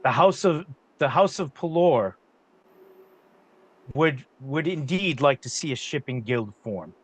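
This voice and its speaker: A man's voice: medium pitch, lively intonation, measured pace. A man voicing an earnest male priest who speaks formally on a council.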